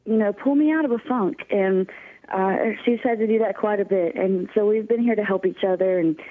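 A woman guest telling a personal story, speaking haltingly with pauses and restarts. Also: medium pitch. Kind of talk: emotional personal testimony. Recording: tinny phone-like line.

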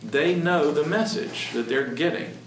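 A man earnestly talking about Christian parenting in a halting, emphatic way. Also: on the high side. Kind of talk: conversational talk. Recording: echoey room, distant mic, background noise.

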